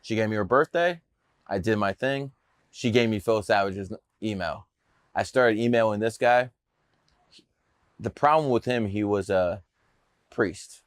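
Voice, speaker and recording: A man's voice: on the low side, unhurried, long pauses, no room sound, studio quality. A man telling stories in a casual interview, brash, boastful and profane. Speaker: podcast guest telling his story.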